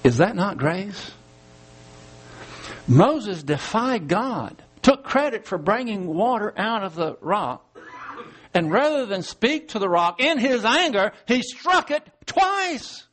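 A man's voice: high voice, big pitch swings, slow pace, a bit bright. A man preaching a verse-by-verse Bible sermon in a conversational way, asking rhetorical questions and chuckling as he explains. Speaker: Bible teacher.

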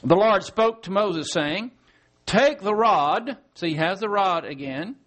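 A man with a fairly high voice preaches a verse-by-verse Bible study. He keeps it conversational, often asks his listeners rhetorical questions and chuckles as he explains the text. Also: lively intonation, normal speed. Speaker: Bible teacher. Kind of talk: verse-by-verse sermon.

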